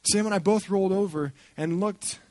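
A man speaking at a church gathering, telling a story in an animated way and acting out the people he quotes. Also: high-pitched, normal speed, no room sound. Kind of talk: storytelling talk.

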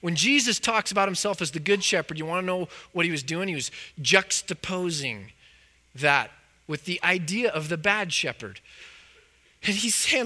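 Male pastor, high and very bright voice, chatty sermon delivery. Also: expressive, normal speed. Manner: casual, conversational preaching with many fillers.

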